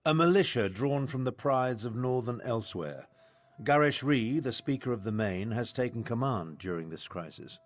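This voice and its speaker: An actor playing a pompous, self-important older imperial battle mage in a video game, lecturing with an air of superiority. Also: male voice, medium pitch, expressive, moderate pace, dry recording, natural voice. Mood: explaining.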